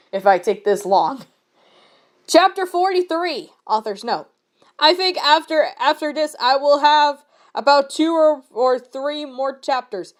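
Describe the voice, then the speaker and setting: High-voiced woman reading fanfiction aloud. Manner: exasperated, incredulous asides between read passages. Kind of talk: reading aloud with comic commentary.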